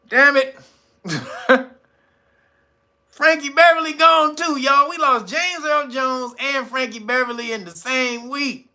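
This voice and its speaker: Man, 40s, channel host, casual monologue, animated, laughing, emphatic, bright voice. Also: extremely high pitch, slow pace, pauses often.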